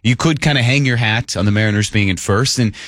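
A man's voice: fairly low pitch, fast talker, a bit bright, dry recording. A man co-hosting a morning sports radio show from a studio, joking and reading listener texts aloud in an upbeat way. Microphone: studio microphone.

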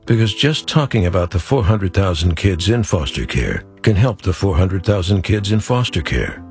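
A man narrating a public service ad in a slow, deadpan voice-over. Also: low-pitched, soft background music. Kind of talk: scripted voice-over.

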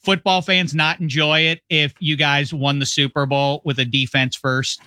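A man from the Rust Belt talking sports on a video call, rambling and animated, with lots of restarts. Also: a little high, moderate pace, dry recording. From US Midwest, Rust Belt. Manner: rambling, animated, does mock voices. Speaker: football show host, guest.

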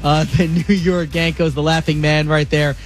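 A man hosting a sports radio show, steering the talk in a brisk, friendly way. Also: a little high, level tone, music in the background. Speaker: host.

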